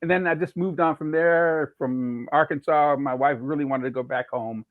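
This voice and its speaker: A man's voice: fairly high pitch, normal speed, no echo. A middle-aged man from California, a chef guest telling rambling career stories in a casual interview, acting out quoted dialogue as he goes. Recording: tinny phone-like dry sound.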